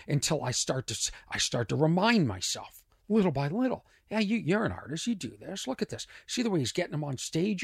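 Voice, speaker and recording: A middle-aged man with a strained voice, a comedian telling a rambling story on his podcast, dropping to mutters and rising loud again. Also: mid-range voice, creaky, husky, no echo, studio quality. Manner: animated, swings from muttering to loud. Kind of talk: casual storytelling monologue.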